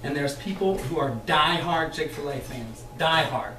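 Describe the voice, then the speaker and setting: Lively trainer man in an echoey room. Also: fairly high pitch, normal speed. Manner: lively, chatty, laughs often, acts out quoted voices. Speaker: sales trainer. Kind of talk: training talk to a live group. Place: meeting room with an audience. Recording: echoey room, mic far off.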